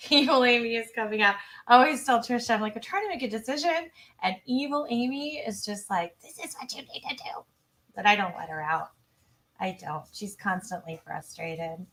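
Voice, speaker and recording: A woman's voice: a little high, fairly bright tone. A woman hosting a true crime livestream, chatty and giggly, reading viewer comments aloud. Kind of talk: casual livestream chat.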